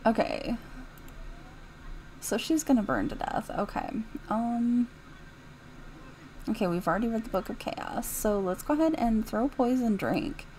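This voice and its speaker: A woman giving chatty, giggly commentary as she plays through a game mod, reacting out loud to what happens on screen. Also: a little high, expressive, measured pace, pauses often, a little hiss or hum, poor audio. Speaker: YouTuber reviewing game mods. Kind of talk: casual gameplay commentary.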